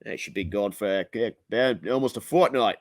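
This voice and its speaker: A man's voice: lowish voice, moderate pace, no echo, clean studio sound, natural voice. A man voicing a clueless man from a dating app in a mock Australian accent, drawling and dropping slang. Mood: puzzled.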